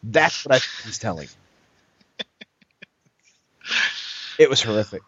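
A man's voice: on the low side, animated, slow, fairly bright tone, husky, dry recording, lo-fi sound. Rambling, laughing male podcast host. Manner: rambling storyteller, frequent restarts and laughter. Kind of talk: casual chat.

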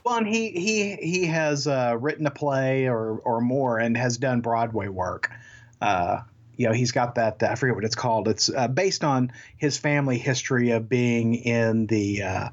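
A man with a husky, slightly breathy voice talks in a loose, rambling way, cracking jokes as he co-hosts a casual podcast. His sound comes through a remote call and is a little dull and muffled. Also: medium pitch, moderate pace. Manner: chatty, rambling, jokey. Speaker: podcast co-host. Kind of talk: casual chat. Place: home in Texas.

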